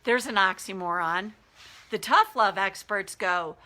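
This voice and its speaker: A woman's voice: mid-range voice, measured pace, sharp tone. A woman life coach talking earnestly and conversationally to viewers, with frequent restarts. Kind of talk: casual talk to viewers.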